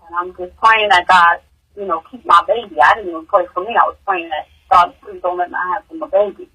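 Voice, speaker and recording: A woman, a grieving mother, giving emotional personal testimony in an interview, halting and repeating words, her voice rising high in distress. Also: steady tone, pushed and bright, breathy edge, rough recording.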